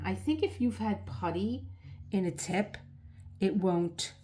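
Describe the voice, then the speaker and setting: A woman's voice: mid-range voice, animated, slow, dark tone, a little hiss or hum. A woman vlogger chatting casually to her viewers as she works on a diamond painting, rambling and talking to herself along the way. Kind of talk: casual chat while crafting.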